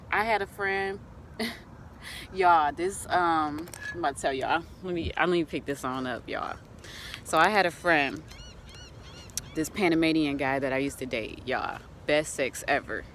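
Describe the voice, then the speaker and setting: A woman's voice: lowish voice, a little hiss or hum. A woman giving casual motivational advice on her vlog, chatty and laughing often as she talks to her viewers. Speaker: vlogger.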